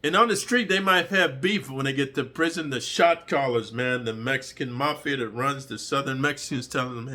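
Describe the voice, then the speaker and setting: A middle-aged man telling prison stories in an animated, profane street-storytelling monologue. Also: mid-range voice, moderate pace, few pauses.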